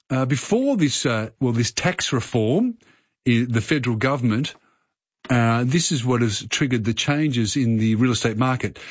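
An Australian man hosts a casual radio chat with a husky, slightly breathy voice. The sound is dry and close, with a dull, muffled tone. He talks in a chatty way and often repeats himself. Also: mid-range voice, dry recording. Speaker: radio host.

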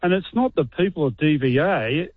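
A middle-aged Australian man, an army veteran calling a talk radio show, weary and aggrieved, speaking haltingly. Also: a little high, animated, husky, dry recording. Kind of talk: talkback phone call. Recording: tinny phone line.

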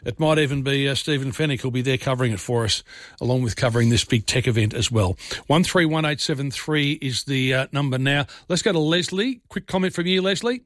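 A man's voice: mid-range voice, fairly quick, a bit bright, no echo, studio quality. A man hosting a radio talkback show, chatting with callers in a friendly, matey way. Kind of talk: casual talkback chat.

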